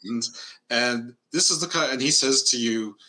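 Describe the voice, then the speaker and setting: A man's voice: mid-range voice, moderate pace, sharp tone. A man hosting a casual interview, asking long, rambling questions. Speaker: interview host.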